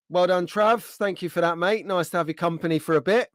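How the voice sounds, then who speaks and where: A man's voice: sits high, brisk, hardly any pauses, fairly bright tone. A middle-aged man hosting a casual livestream, chatting and bantering in an upbeat way. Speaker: livestream host. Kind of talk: casual chat.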